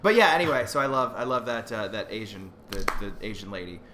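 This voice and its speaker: A man's voice: fairly low pitch, very animated, fast talker, noisy background. A young man co-hosting a casual podcast, rambling and joking with restarts. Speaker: podcast co-host.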